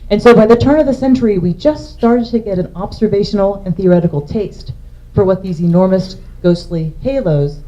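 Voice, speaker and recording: A woman astronomer with a lowish, dark-toned voice gives a public science lecture, pointing to slides and explaining each step in turn. The lo-fi recording sounds dull.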